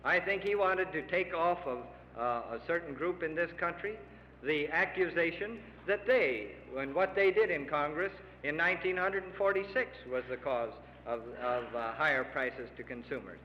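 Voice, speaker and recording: A man's voice: fairly high pitch, lively intonation, normal speed, slight background noise. A middle-aged man giving an earnest, emphatic public speech to farmers, pleading with his audience. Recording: lo-fi archival radio recording with long hall reverb.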